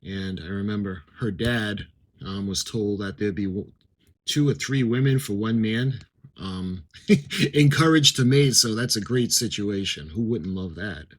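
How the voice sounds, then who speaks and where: A man's voice: fairly low pitch, unhurried, rough recording. A middle-aged man giving casual unboxing commentary, reading captions aloud and adding chatty asides. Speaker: model-kit unboxing vlogger.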